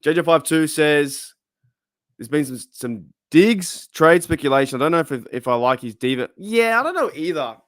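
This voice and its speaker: A man with an Australian accent and a hoarse, cracking voice, hosting a casual live chat and reading out viewer comments. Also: a little high, animated, normal speed, fairly bright tone, no room sound, studio quality. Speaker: livestream host. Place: home room.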